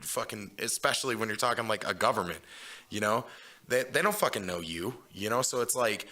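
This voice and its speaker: A man's voice: lowish voice, animated, brisk, bright, forceful tone. A man hosting a casual podcast chat, rambling and swearing, peppering his talk with "you know what I'm saying.". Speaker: podcast host.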